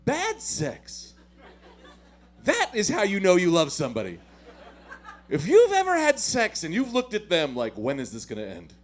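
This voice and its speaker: A male stand-up comedian with a high voice that leaps around wildly. He tells self-deprecating stories with big swings in volume. He keeps the delivery animated and punchy throughout his set. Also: a little slow, pauses often.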